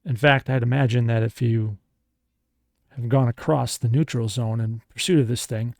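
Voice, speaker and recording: Man voicing a starship commander, pressing questions, gravelly, dark tone. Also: medium pitch, fairly even intonation, normal speed, no room sound, clean studio sound, lightly acted. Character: probing male starship commander.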